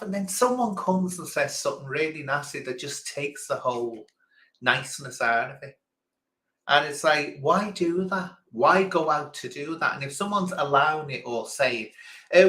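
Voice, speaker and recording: A man's voice: mid-range voice, pushed and bright. A man hosting a quiz on a livestream in casual chat, theatrical and grand in a self-mocking way, calling his listeners darling. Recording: echoey room.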